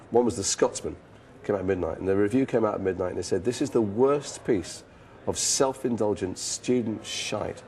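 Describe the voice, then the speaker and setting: A man's voice: lowish voice, a little mellow, a little hiss or hum. A man in his forties with a northern English accent, telling frank, self-deprecating stories in an interview. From northern England. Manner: frank, self-deprecating storytelling with casual swearing. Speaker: actor being interviewed. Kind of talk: reflective interview anecdotes.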